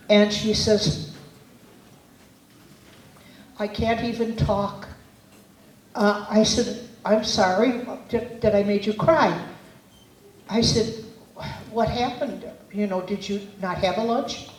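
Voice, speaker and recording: A woman's voice: mid-range voice, takes it slowly. A woman with a Midwestern American accent, telling earnest, meandering stories with many fillers in a public speech at a community festival. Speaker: festival speaker. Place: outdoor community festival stage. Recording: echoey, distant PA with faint ambience.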